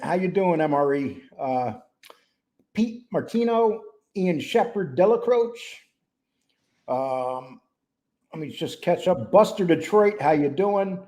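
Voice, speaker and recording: Relaxed man hosting a live chat. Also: on the high side. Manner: greets chat viewers by name, relaxed and rambling. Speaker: host. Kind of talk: casual live-stream chat.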